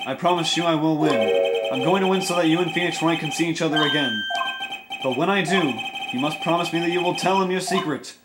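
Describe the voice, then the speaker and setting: A man's voice: fairly high pitch, a little fast, lightly acted, low-quality recording. A man voicing a stern, composed prosecutor who speaks formally. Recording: loud game music behind.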